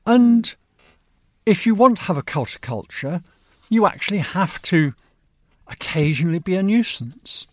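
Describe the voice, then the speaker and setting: A man's voice: high-pitched, big pitch swings, measured pace, no echo. A man in a casual discussion who speaks in a dry, wry, sarcastic way.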